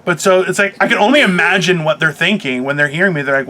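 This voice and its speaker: A man co-hosting a casual chat show, loud and profane, laughing often. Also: high-pitched, fast talker. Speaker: co-host. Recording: faint background noise.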